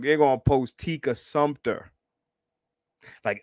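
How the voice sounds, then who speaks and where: A man hosting a live stream, reacting to clips in a profane, animated, repetitive way and laughing often. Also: medium pitch, measured pace, no room sound, studio quality. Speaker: livestream host.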